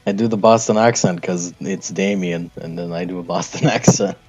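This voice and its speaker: A man running a tabletop game as game master over a voice call, playful and quick with jokes and asides. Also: low voice, steady tone, a little mellow, slightly rough, faint music behind.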